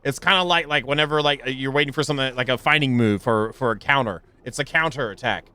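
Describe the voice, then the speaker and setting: Bright-voiced rambling young male streamer. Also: fast, dry recording. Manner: rambling, stammering restarts, sudden high excited yelps. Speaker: game streamer. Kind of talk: casual live gameplay commentary.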